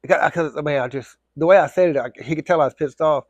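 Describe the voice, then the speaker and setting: A man's voice: on the high side, fast, dry recording, lo-fi sound. A man telling a casual, rambling story, full of fillers and restarts.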